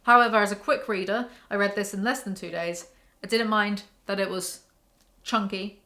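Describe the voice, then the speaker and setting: A woman's voice: mid-range voice, steady tone, moderate pace, pushed and bright. Candid woman ranting about books. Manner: candid, ranting, swears freely. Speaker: book reviewer. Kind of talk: casual spoken book review.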